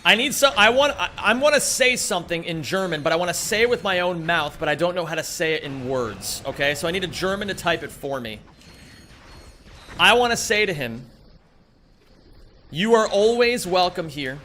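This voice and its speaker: Guy streaming, bright kinda sharp voice, a bit high, greets chat and swears a lot. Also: animated, a little fast, slight background noise. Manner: chatty, swears casually, greets chat by name. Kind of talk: casual live-stream chat.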